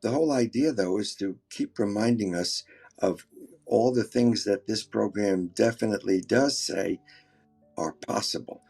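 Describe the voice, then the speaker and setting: A man's voice: on the low side, moderate pace, creaky, a little mellow, breathy edge, soft background music. A man who works as an architect, talking reflectively in a group call, often restarting his sentences. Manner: reflective, frequent restarts and fillers. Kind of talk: casual group discussion.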